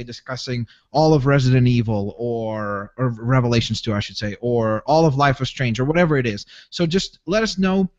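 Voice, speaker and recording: A man with a mid-range voice co-hosts a gaming podcast. He rambles loosely, and the audio is dull and lo-fi. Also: mid-range voice. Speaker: podcast co-host. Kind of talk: casual gaming podcast chat.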